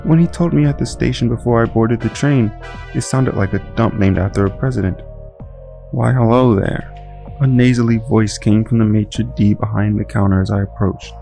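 A man narrating a noir audio drama in deadpan first person. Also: fairly low pitch, fairly quick, creaky, faint music behind. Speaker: narrator and producer.

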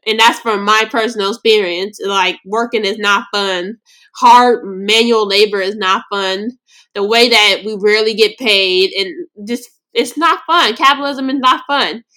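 Young woman, podcast host, from Los Angeles, casual storytelling, blunt, emotional, bright tone. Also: medium pitch, a little slow. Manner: emotional, blunt, slangy and animated.

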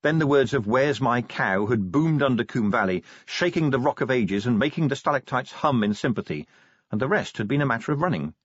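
Male audiobook narrator, husky and animated, lo-fi dry sound. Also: mid-range voice, a little fast, no echo. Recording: dull dry lo-fi recording.

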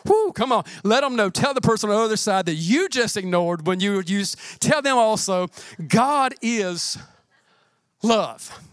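A man, a pastor, preaching a sermon with lively calls to the congregation and emphatic repetition. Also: sits high, brisk, hardly any pauses, clean tone, no room sound, studio quality.

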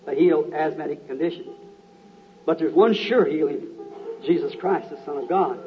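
Man preacher, fairly high voice, earnest healing-service sermon, muffled lo-fi tape with faint music behind. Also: moderate pace. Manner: earnest, calls out to people in the crowd.

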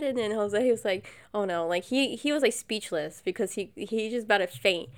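A woman's voice: normal speed, smooth. A young woman in casual chat, telling stories animatedly and jumping into quoted voices. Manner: animated storyteller, jumps to high acted voices. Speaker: co-host.

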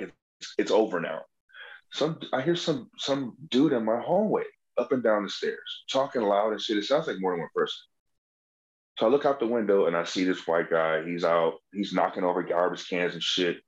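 A man's voice: sits low, dull audio. A man on a comedy podcast telling road and prison stories in casual, profane chat, acting out the voices of people in them. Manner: animated, profane, acts out quoted voices. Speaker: comedian guest.

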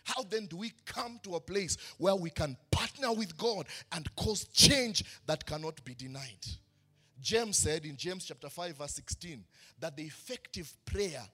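High, bright-voiced preaching pastor. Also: male voice, lively intonation, unhurried, slightly rough. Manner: preaching with rising emphatic questions and call-and-response. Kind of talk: sermon.

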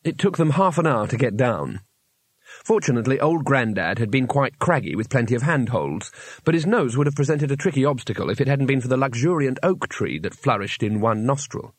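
A man narrating a fantasy novel audiobook in an even storytelling manner. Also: medium pitch, dry recording. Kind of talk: scripted narration.

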